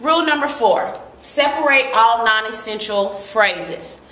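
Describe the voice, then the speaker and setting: Bright-voiced woman teaching grammar. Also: a little high, a little slow. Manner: lively, emphatic, reads examples aloud. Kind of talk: grammar lesson. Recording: echoey room.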